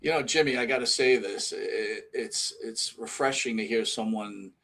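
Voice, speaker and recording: A man with a somewhat low voice co-hosting a casual podcast. He piles on questions and restarts sentences, building up excitement as he goes. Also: moderate pace, gravelly. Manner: rambling, enthusiastic questions with restarts. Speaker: podcast co-host.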